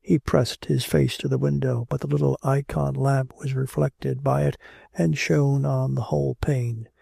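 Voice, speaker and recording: A man narrates a classic novel with a deep gravel in his voice and a dark, mellow tone. His delivery is measured and steady, with a dry close sound and a husky grain. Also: no echo. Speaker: audiobook narrator. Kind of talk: audiobook narration of classic fiction.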